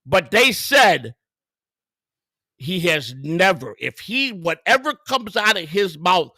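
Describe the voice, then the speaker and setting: A man's voice: high voice, sing-song, slow, bright, forceful tone, no echo. A man hosting a livestream, telling a heated, profane story full of quoted dialogue. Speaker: host.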